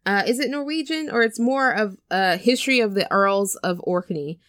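A woman casually chatting and retelling a film scene, animated and storytelling. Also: medium pitch, moderate pace, dry recording, studio quality. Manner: chatty, animated storyteller who acts out quotes. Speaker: podcast co-host. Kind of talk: casual chat recapping a film.

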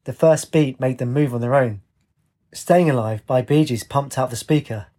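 Husky man narrating a story. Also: medium pitch, normal speed, warm tone.

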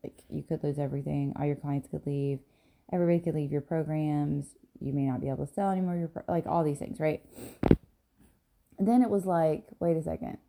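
A woman's voice: low voice, fairly even intonation, fairly quick, vocal fry, mellow, a little hiss or hum. A woman hosting a casual solo podcast, talking candidly and a little rambling, with many ums and "right?" tags, tired and yawning in the early morning. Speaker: podcast host and business coach.

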